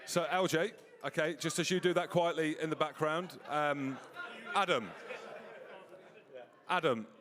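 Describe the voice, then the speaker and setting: A man from Scotland hosts a live rugby fan night, a touch high in pitch. He jokes and plays to the crowd, his voice trailing off into a long reverberant hall. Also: measured pace. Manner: joking, upbeat crowd-pleasing. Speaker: host. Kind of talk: live fan show banter. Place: clubhouse before a live audience.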